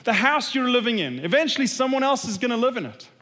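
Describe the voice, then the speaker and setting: A man delivers an earnest, emphatic sermon in a high-pitched voice. He often drops low and quiet to drive a point home. His words ring out with the long reverb of a large hall. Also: very animated, quick pace. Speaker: pastor.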